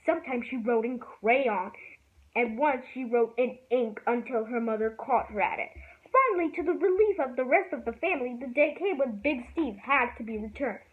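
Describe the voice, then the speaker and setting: A woman reads a children's storybook aloud in a lively, expressive way. Her voice sits a little high, and the recording is tinny and phone-like. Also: moderate pace. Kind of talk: reading a children's book aloud.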